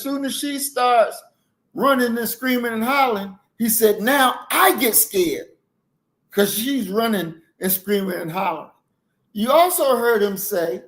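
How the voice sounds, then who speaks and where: Male commentator, slow and preachy, emphatic delivery. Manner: preachy, emphatic, swings from shouting to low murmurs. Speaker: commentator reacting to a clip. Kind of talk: impassioned commentary.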